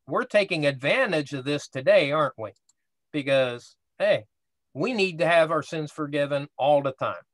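A man's voice: mid-range voice, fairly bright tone, no room sound. A man teaching a casual Bible study class, explaining step by step and often checking in with "right?".

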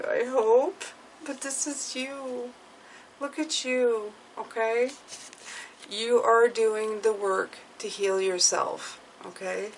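A woman giving a tarot reading to her viewers, speaking gently and reassuringly and often checking in with "okay?". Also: medium pitch, a little hiss or hum, rough recording. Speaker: tarot reader.

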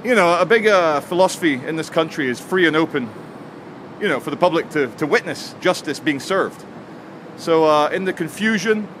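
A man tells a story to his camera in a chatty, joking way as he walks a city street. His voice sits a touch high. Faint traffic and street noise hum behind him. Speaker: vlogger. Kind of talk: walking vlog to camera.

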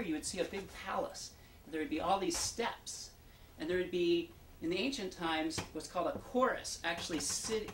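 A man's voice: on the high side, a bit bright. Casual guy telling the audience the backstory before a play, chatty, recorded far off in an echoey room. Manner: chatty, storytelling, addresses the audience. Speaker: actor introducing a play. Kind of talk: casual pre-show talk. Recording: roomy, distant, faint background hum.

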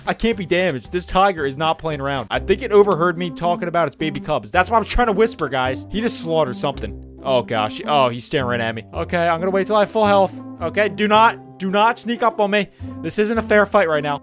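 A young man hosting a game video, excitable commentary that jumps from yelps to whispers. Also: sits high, brisk, faint music behind. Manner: excitable, yelps and shouts when attacked, drops to whispers when sneaking. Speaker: gaming channel host.

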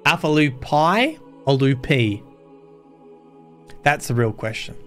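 A man's voice: mid-range voice, animated, takes it slowly, a bit bright, faint music behind. A man reading game lore aloud on a stream, breaking off to swear and think aloud in casual chat.

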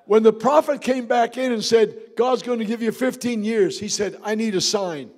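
Preacher, male, high voice, fervent shouting sermon in a church. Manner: fervent, shouting, quick asides to the congregation. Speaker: pastor.

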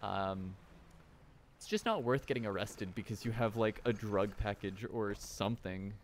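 Male streamer, casual chat, animated, sweary, faint background hiss. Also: lowish voice, measured pace. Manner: animated, swearing, chatting to viewers.

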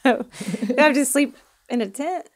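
A middle-aged woman with a Southern US accent, chatting as a podcast guest, quick-talking and often laughing. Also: sits high, expressive. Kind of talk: casual conversational interview.

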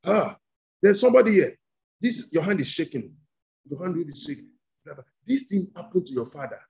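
A husky, somewhat high-pitched man preaching and praying with fervor. He drives his lines as repeated commands and slips into speaking in tongues between them. The sound comes through a video call. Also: big pitch swings, normal speed, a little mellow. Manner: commanding, repetitive declarations. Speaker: pastor. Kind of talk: fervent prayer sermon.

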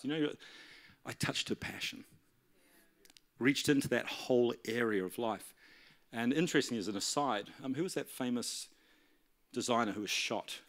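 A man's voice: medium pitch, moderate pace, pauses often. A man preaching in a church, telling a story animatedly and acting out the dialogue. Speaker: pastor. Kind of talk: storytelling sermon.

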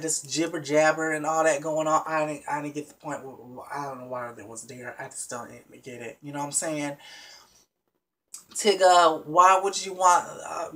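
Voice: medium pitch, fairly bright tone. A vlogger casually recapping a reality show episode for viewers, chatty and emphatic, with many restarts and frequent asides to the audience.

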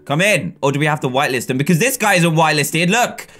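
Excitable young man with lively pitch. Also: quick pace. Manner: excitable, laughs often, talks to the game's players. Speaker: gaming video host. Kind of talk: casual gameplay commentary. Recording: faint game music behind.

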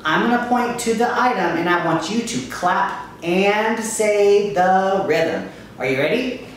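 Woman, kindergarten music teacher, lively sing-song delivery, slow and clear, echoey kitchen, mic far off, faint music. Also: mid-range voice, a little hiss or hum. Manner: upbeat and encouraging, chants words to a steady beat. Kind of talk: children's lesson, call and response.

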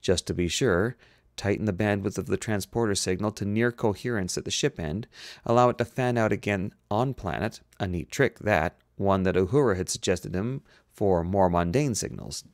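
A man reading a novel aloud in steady, even narration. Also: fairly low pitch, normal speed, no echo, clean studio sound. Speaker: audiobook reader.

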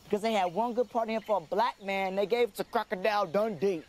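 An actor playing a brash young soldier who talks loudly and bluntly. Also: male voice, sits high, fast, a little hiss or hum, lightly acted. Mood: indignant. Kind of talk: film dialogue.

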